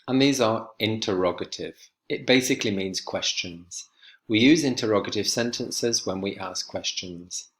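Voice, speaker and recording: A man teaching an English grammar lesson to students, clear and emphatic as he speaks to them directly. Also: mid-range voice.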